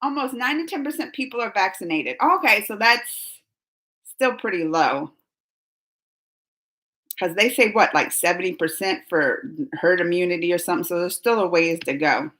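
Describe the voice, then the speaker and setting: A woman's voice: on the low side, animated, moderate pace, fairly bright tone. A woman hosting a casual live stream, chatting and giggling as she reads viewer comments aloud. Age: adult under 45. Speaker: reaction channel host reading live chat.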